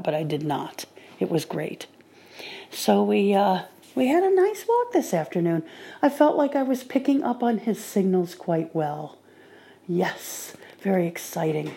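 A woman talking on her own podcast in a casual monologue, calmly recounting her day. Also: on the low side. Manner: relaxed diary-like recounting. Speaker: podcaster training with a guide dog.

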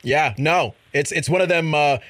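A man hosting a casual chat show about viral videos, animated and laughing as he acts out quotes. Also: on the high side, moderate pace, no room sound. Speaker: show host.

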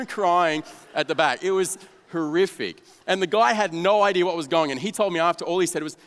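A young man, a youth pastor, telling a story of his own to an audience in a self-mocking, animated way, dropping to a flat mumble for his cynical asides. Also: on the high side, fast. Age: young adult. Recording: long reverb of a large hall.

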